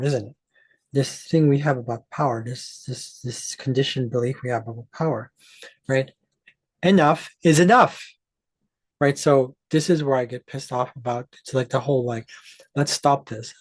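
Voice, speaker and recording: A man talks straight to his audience in an emphatic, swearing rant. His voice is husky and sits at an ordinary pitch. It sounds close and dry, with no room around it. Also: darkish tone, no room sound. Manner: emphatic, profane, restarts mid-sentence. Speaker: astrology channel host. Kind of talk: ranting monologue to camera.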